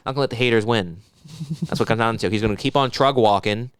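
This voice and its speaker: A man's voice: on the low side, quick pace, smooth, no echo, clean studio sound. A man co-hosting a comedy podcast, riffing and mocking with lots of swearing. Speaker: podcast co-host. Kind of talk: casual comedic chat.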